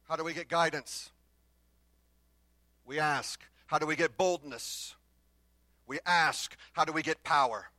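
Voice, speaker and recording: A male pastor delivers a sermon with a bright, forceful edge, rising to loud bursts and falling to hushed lines, now and then acting out the exchanges between the prophets. His voice sits a little high for a man and sounds dry and close. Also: a little slow, long pauses, dry recording.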